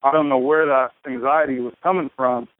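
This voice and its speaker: A man's voice: medium pitch, steady tone, fairly quick, dry recording. A man in his thirties, a podcast guest telling his story in a loose, profane, rambling way. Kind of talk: casual conversation. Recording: tinny phone-like line.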